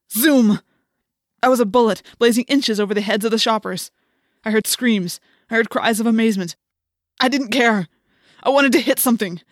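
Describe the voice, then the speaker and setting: A woman's voice: mid-range voice, dry recording, clean studio sound. A woman narrating an audiobook in the first person, telling the story with intense, dramatic delivery.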